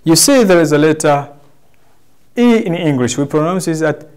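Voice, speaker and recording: A man with a Tanzanian accent teaching a language lesson, carefully demonstrating sounds and explaining them slowly to his students. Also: a little high, steady tone, a little mellow, smooth.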